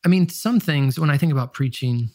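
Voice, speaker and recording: Speaking briskly with a higher, darkish voice, the Michigan-accented pastor and musician opens up in a relaxed, thoughtful interview. His nasal delivery keeps doubling back as he second-guesses himself, and the studio sound has no echo.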